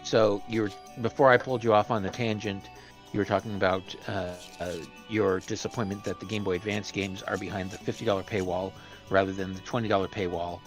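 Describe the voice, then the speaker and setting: Man co-hosting, lowish voice, halting questions, faint music in the background. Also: steady tone. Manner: questioning, halting, with many restarts. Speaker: co-host. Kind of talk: casual chat.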